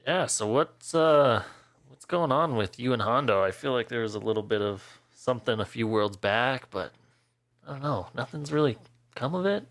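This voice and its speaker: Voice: medium pitch, expressive, moderate pace. Dry-joking player at a tabletop game. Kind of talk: casual tabletop role-play chat.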